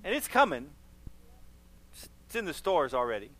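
A man's voice: on the high side, very animated, moderate pace, fairly bright tone. A man who is a pastor, preaching emphatically and leading a closing prayer, repeating phrases for stress.

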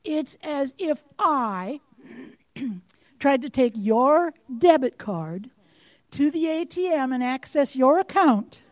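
A woman preaching a sermon, impassioned and direct, firing questions at her listeners and rising to forceful outbursts. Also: high-pitched, expressive, takes it slowly, no echo.

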